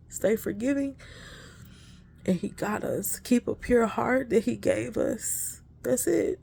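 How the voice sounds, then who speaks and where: Gravelly-voiced woman, earnestly preaching. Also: a little high, darkish tone, a little hiss or hum. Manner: earnest, preachy, addresses listeners as y'all. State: emotional. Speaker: inspirational speaker. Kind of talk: spiritual encouragement talk.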